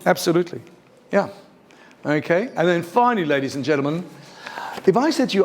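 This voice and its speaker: Male workshop presenter, slightly high voice, emphatic, keeps quizzing the audience. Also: quick pace. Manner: lively, emphatic, asks the audience questions. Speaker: teacher trainer. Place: university lecture room.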